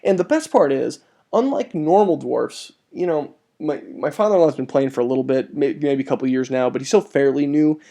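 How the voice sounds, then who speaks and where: A man talks through a tabletop wargame battle report with a mellow, warm tone. He is casual and excitable, with his pitch jumping upward when something impresses him and casual swearing mixed in. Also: brisk, hardly any pauses.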